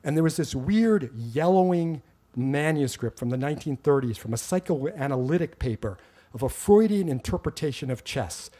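A man's voice: fairly high pitch, animated, moderate pace, warm tone. A middle-aged man telling a personal story on stage, wry and self-mocking, getting heated as he retells old arguments.

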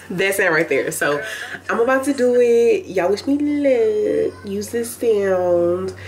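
A woman's voice: mid-range voice, lively intonation, takes it slowly. A young woman, chatting casually to her viewers in a home vlog. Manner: chatty, talks straight to viewers as "y'all". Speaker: beauty vlogger. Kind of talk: casual vlog chat to camera. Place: at home, indoors. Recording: roomy home recording with faint noise.

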